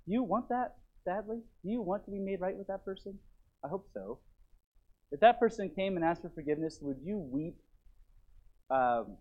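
A man preaching a sermon, swinging from emphatic, raised passages to quiet, earnest questions to the congregation. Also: on the high side. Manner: rises to emphatic then drops to quiet earnest. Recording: dull lo-fi recording.

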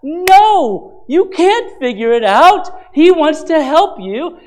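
A man's voice: very high-pitched, animated, a little slow, few pauses, a little mellow, low-quality recording. A male pastor giving an earnest, conversational sermon in a church, asking his listeners rhetorical questions.

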